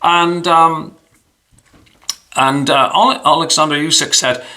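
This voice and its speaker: A man's voice: a little high, moderate pace, sharp tone. A man hosting a boxing channel, giving a chatty, self-deprecating news commentary and thinking aloud as he goes.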